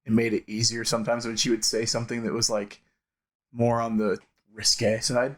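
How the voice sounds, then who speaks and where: A man's voice: medium pitch, level tone. A man co-hosting a podcast, chatting casually and laughing easily along with his partner. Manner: easygoing listener, quick to laugh. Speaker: podcast co-host. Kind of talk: casual chat. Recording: studio recording of modest quality.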